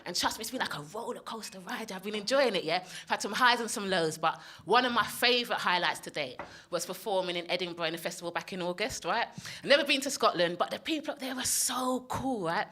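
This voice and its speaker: A woman with a London accent doing a stand-up comedy set. She is playful and chatty, keeps checking in with the crowd, and has a slightly husky voice. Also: medium pitch, fast, few pauses, pushed and bright, a little hiss or hum. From North West London. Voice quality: husky from smoking.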